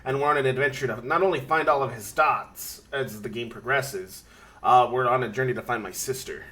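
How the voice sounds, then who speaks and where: A man's voice: mid-range voice, fairly quick, bright, forceful tone. A man streaming a video game, rambling and joking as he explains it. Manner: rambling, self-interrupting, jokey. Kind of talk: casual gaming commentary.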